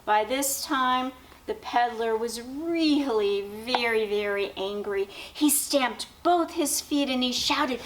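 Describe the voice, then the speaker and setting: A teacher and education dean with a fairly high voice reads a children's picture book aloud, drawing out the story expressively and asking her young listeners questions. The background is noisy.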